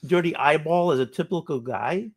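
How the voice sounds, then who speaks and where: A man's voice: a little high, normal speed, creaky, a loud crowd. A man co-hosting a casual chat, teasing the storyteller with pointed questions and profane banter.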